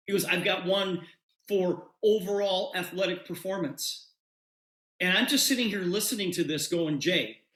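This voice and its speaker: A man giving a sales presentation, telling a story and acting out both sides of a conversation. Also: sits high. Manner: animated, acts out quoted dialogue. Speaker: presenter pitching a business opportunity. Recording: roomy echo.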